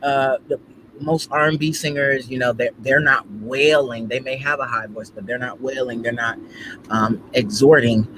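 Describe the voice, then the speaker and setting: A man guesting as a gospel singer, goofy and animated, full of fillers. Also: mid-range voice, normal speed, noisy background. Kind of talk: casual interview chat.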